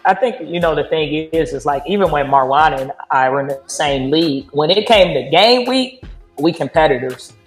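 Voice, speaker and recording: A woman's voice: low voice, animated, moderate pace, soft background music. A woman basketball coach, talking easily in a casual interview. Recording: echoey room.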